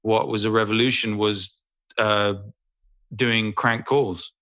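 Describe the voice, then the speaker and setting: A middle-aged actor telling a story as a guest in a casual interview, animated and swearing freely. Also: male voice, lowish voice, slow pace.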